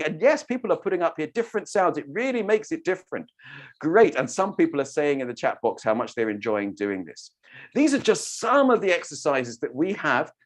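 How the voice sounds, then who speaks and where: Leading an online workshop, a storytelling teacher demonstrates different voices and mouth shapes. The delivery is animated, and the voice is medium in pitch.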